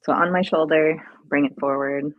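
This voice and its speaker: A woman's voice: deep voice, steady tone, moderate pace, no echo, dull audio. A woman guest on a talk show, casually explaining things in an easygoing way. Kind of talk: casual chat.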